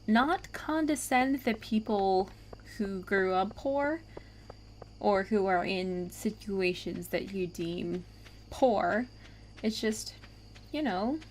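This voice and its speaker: A woman's voice: medium pitch, slight background noise. A woman giving casual commentary over gameplay, rambling, with many fillers. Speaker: let's play gamer.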